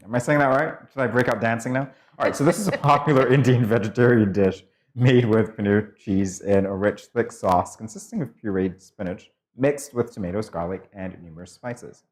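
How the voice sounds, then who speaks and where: Very low-voiced teasing woman host. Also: fairly quick, darkish tone. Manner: teasing, laughing. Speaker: morning show host. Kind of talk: casual chat.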